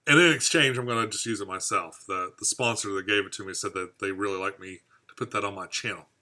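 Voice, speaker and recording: A man from the United States hosts a casual aquarium-hobby live stream, rambling as he answers viewer comments. His voice sits fairly low, but it has a sharp, very bright edge. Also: fast talker. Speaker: aquarium hobby channel host.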